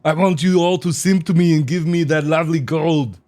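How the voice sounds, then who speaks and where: A man putting on a voice for an over-the-top streamer persona who begs viewers for gold, loud and drawn out. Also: fairly high pitch, a little fast, voice pushed up, close to an everyday voice. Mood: hamming.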